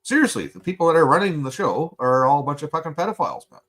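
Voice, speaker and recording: A man's voice: on the high side, animated, fast talker, fairly bright tone. A Canadian man hosting a casual podcast chat, ranting heatedly and swearing a lot into a studio mic. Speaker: podcast host.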